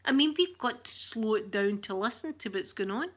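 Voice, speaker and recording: A woman's voice: mid-range voice, lively intonation, moderate pace. A middle-aged Scottish woman from Scotland, chatting casually to her viewers as an ASMR vlogger and telling stories in a talkative way. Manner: chatty storyteller, addresses viewers as "yous".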